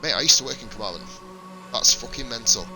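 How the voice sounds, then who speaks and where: Fast and sharp-toned, this medium-pitched streamer from northern England, with a Welsh tinge to his northern accent, calls a sim race and trades banter with his viewers, cursing liberally. Faint music plays behind him over poor audio.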